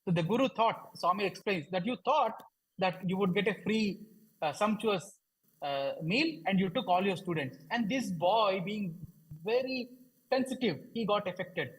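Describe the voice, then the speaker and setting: Guy with a high husky voice telling a devotional story, lots of uhs and restarts. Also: expressive, normal speed, a bit bright, rough recording. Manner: hesitant, many fillers and restarts. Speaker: devotional speaker. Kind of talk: storytelling talk. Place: devotional program.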